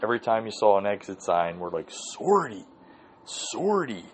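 A man's voice: low-pitched, steady tone, fast talker, darkish tone, a little hiss or hum, low-quality recording. A man hosting his own podcast, telling a rambling, profane story in a casual solo monologue. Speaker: podcast host.

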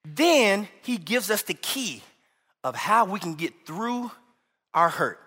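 A man preaching a sermon as associate pastor, animated and humorous, calling out to the congregation. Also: high-pitched, slow, in a large hall, a faint crowd, slight background noise.

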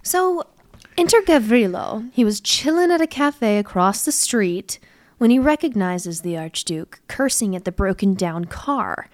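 A woman's voice: medium pitch, animated, a little slow. A woman co-hosting a podcast who tells history in a playful, giggly way. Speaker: podcast co-host. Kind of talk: casual history chat.

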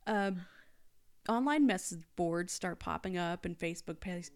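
A woman's voice: fairly low pitch, animated, normal speed. Young woman, podcast host, casual true-crime storytelling, sarcastic. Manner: storytelling, sarcastic asides, quotes people in mock voices.

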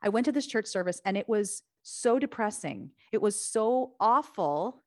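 A woman guest on a podcast, telling her own story in a chatty, animated way and sometimes acting out other people's voices. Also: mid-range voice, normal speed, no room sound, studio quality. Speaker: podcast guest, author and Bible teacher. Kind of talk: casual storytelling.

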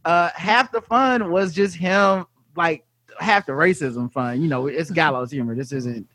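A high-voiced man tells a story in casual comedic chat. He is animated and swears freely. His voice is dry and close, with no room sound. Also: unhurried, no room sound.

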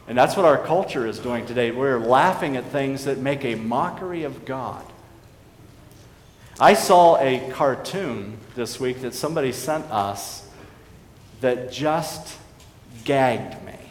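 A man preaching a sermon as a pastor, earnest and emphatic, dropping to a hushed tone on solemn points. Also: mid-range voice. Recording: echoey hall reverb with faint background noise.

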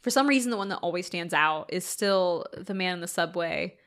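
A young woman in casual chat about a movie, animated and quick to laugh, acting out quotes. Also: fairly low pitch.

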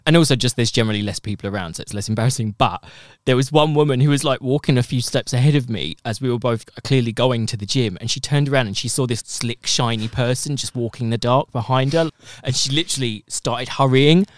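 A man co-hosting a podcast in casual chat, animated and giggly, often slipping into quoted voices. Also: medium pitch, fast talker, hardly any pauses, dry recording. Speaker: podcast co-host.

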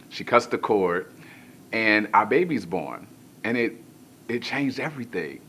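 A male pastor telling a comic personal story in a sermon, animated, moving from hushed to shouting, with colloquial asides to the crowd. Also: medium pitch, fast.

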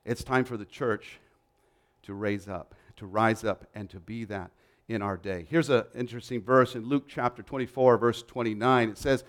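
A man's voice: fairly low pitch, fairly even intonation, moderate pace. A man preaching a sermon, emphatic and building his points through repeated lists.

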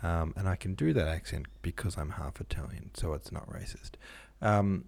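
A man hosts his own podcast in a low, mellow voice. He chats casually and muses aloud, poking fun at himself. The sound is close and dry, with no room around him. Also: animated, moderate pace, gravelly, no room sound. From Australia. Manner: chatty, self-deprecating, muses aloud. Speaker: podcast host. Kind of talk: casual solo podcast with poetry reading.

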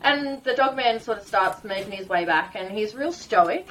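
Australian woman, podcast guest, animated storyteller, mid-pitched voice. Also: moderate pace, noisy background. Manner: animated, emotional storyteller, laughs often. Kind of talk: casual storytelling.

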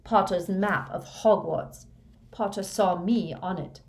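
A woman reading a fanatical young male dark wizard's confession in a flat, hushed monotone. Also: medium pitch, slow. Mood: confessing.

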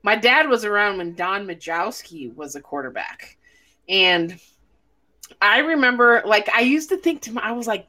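A woman's voice: on the high side, moderate pace. A woman hosting a casual chat, telling stories bluntly and swearing a lot. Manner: blunt, profane, animated storytelling. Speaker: podcast host.

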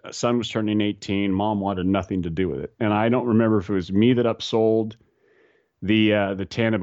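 A man's voice: fairly low pitch, a little mellow, dry recording. A man, a skydiving instructor, telling stories in casual chat, rambling and repeating himself, laughing at his own tales. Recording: slightly dull, dry recording.

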